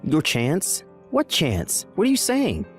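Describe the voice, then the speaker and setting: A man's voice: fairly high pitch, wildly swooping pitch, takes it slowly, faint music behind, full character voice. A man voicing a bewildered husband who keeps asking alarmed questions. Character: bewildered husband, pleading and confused. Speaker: husband in a text-message story.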